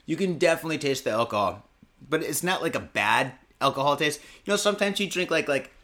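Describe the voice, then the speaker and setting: Guy hosting a podcast, cussing a lot, rambly, bright punchy voice. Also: fairly high pitch, animated, fast. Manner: profane, rambling storytelling. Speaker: podcast host. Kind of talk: casual podcast chat.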